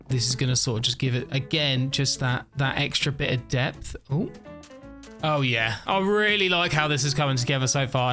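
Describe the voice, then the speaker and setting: A man's voice: mid-range voice, a bit bright. A tired man giving casual, upbeat gameplay commentary, thinking aloud and laughing often. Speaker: gaming video creator.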